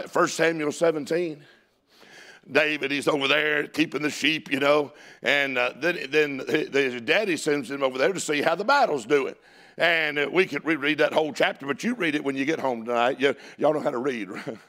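Southern preacher, fired up, folksy, fairly high pitch, bursts into shouts. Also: male voice, moderate pace. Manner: animated, shouts and laughs, folksy asides. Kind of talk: sermon.

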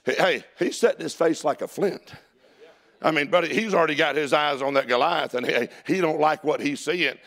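Southern preacher, fired up, folksy, fairly high pitch, bursts into shouts. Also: male voice, normal speed. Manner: animated, shouts and laughs, folksy asides. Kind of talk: sermon.

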